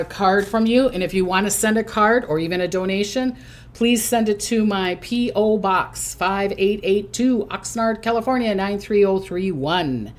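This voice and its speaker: An older woman hosting a casual psychic livestream from her recliner at home, chatty and hyper, often giggling. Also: medium pitch. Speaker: psychic host.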